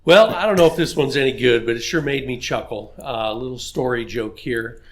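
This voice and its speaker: A man's voice: mid-range voice, fairly quick. A man on a casual podcast telling a story joke and acting out the characters' lines. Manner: storytelling, acts out dialogue. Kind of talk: casual chat.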